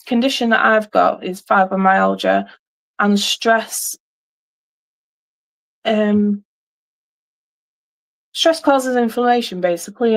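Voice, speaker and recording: A woman's voice: a little high, vocal fry. Rambling woman telling a story. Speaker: livestream host. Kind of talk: casual chat on a livestream.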